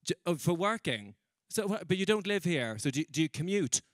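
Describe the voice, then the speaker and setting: A man doing stand-up comedy before a live audience, chatting with the crowd in a self-mocking, quick way. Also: high-pitched, big pitch swings, no echo, clean studio sound. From Ireland.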